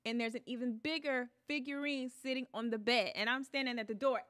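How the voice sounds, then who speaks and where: A woman chats as a guest, telling a story with lots of energy. Her voice sits a little high and rings bright, and she slips into the voices of the people in her tale. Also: fairly quick, no echo, clean studio sound. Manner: expressive, acts out what people said, laughs often. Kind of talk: animated casual storytelling.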